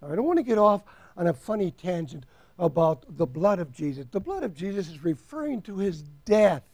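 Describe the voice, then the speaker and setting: A man preaching a sermon to his congregation, emphatic, drawing out key words and swinging between soft asides and loud declarations. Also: sits high, big pitch swings, a little fast, no echo. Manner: argues with an imagined doubter in rhetorical questions.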